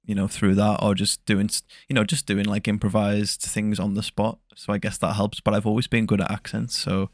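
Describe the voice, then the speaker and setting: A young English man speaking softly as an interview guest, in hesitant, soft-spoken chat full of ums. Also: lowish voice, level tone, a little fast, few pauses, no echo. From England. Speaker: guest ASMR creator.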